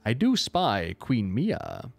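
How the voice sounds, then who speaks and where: A man's voice: mid-range voice, wildly swooping pitch, slow, vocal fry, no room sound, heavily acted. A man reading a story aloud, giving a proud male dragon in mortal guise a lofty, gracious, faintly sly voice.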